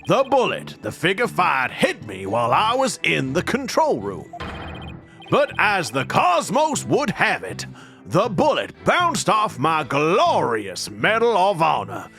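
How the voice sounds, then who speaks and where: A man reading the lines of a vain, pompous male space-agency director, drawn out slowly and self-importantly. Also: fairly high pitch, wildly swooping pitch, gravelly, pushed and bright, soft background music, exaggerated voice. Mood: boastful. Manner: grandiose, slow and self-important. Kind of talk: dramatic reading of game dialogue.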